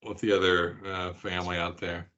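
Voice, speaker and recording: A man's voice: sits low, little pitch movement, moderate pace, pushed and bright, lo-fi sound. A man co-hosting a casual podcast, bantering and joking with his co-hosts. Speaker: podcast co-host. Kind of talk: casual chat.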